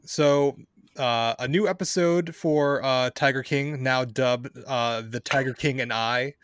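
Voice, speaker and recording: A man co-hosting a podcast, summing up an episode in casual chat, halting with many uhs and ums. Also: mid-range voice, a bit bright, clean tone, no echo. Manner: halting, full of uh and um. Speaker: podcast co-host.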